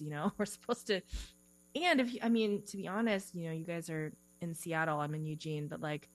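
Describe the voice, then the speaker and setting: A woman career coach talking casually in a podcast interview, full of "like" and "you know" and quick giggles. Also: on the low side, rough recording.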